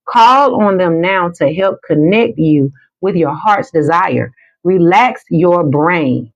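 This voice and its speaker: Low-voiced woman giving emphatic spiritual advice. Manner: emphatic and repetitive, slows down for calming affirmations. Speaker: spiritual card reader on a livestream. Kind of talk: motivational livestream chat. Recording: dull lo-fi sound.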